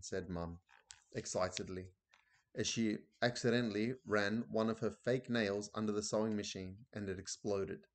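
A man reads a children's chapter book aloud in a relaxed, unpolished way, stumbling now and then and backing up to restart a phrase. His voice sits on the lower side. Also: normal speed. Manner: casual reading with slips and restarts. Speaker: reader.

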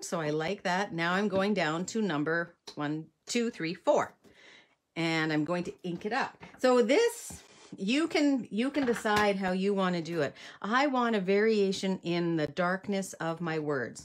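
A woman's voice: fairly low pitch, lively intonation, measured pace. A middle-aged woman from Canada leading a live card-making demonstration, chatty and thinking aloud as she works, often correcting herself.

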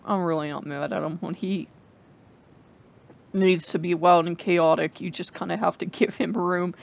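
A woman's voice: lowish voice, creaky, dull audio. A woman vlogging in casual chat to camera, rambling and laughing often, sounding exasperated.

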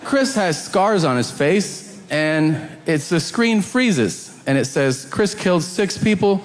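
A man retelling a comedic story in an animated way, slipping into voices of the people in it. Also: sits high, slow. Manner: animated retelling, voicing characters with laughter. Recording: clear background noise.

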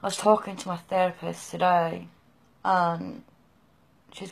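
A middle-aged British woman gives halting, raw, emotional personal testimony. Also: mid-range voice, flat delivery, vocal fry, husky. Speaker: person sharing her experience.

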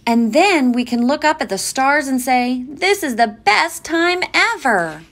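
A woman voicing an eager young boy leading a pretend adventure, bossy and excited. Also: high voice, unhurried, pitched above the performer's own voice, exaggerated voice. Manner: excited, bossy make-believe.

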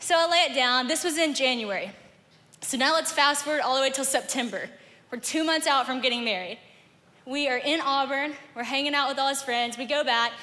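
A young woman gives a sermon from a church stage. She tells her story animatedly and acts out the dialogue herself, in a high, bright, ringing voice. The long reverb of a large auditorium trails behind every phrase. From Southern United States. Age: young adult. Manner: animated, acts out both sides of conversations. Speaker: guest speaker.

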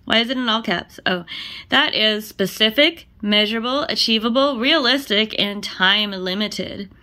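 A woman's voice: medium pitch, moderate pace, sharp tone. A woman vlogging at home, chatting to the camera as she moves between rooms, laughing often and poking fun at herself. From Canada. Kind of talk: casual vlog chat to camera.

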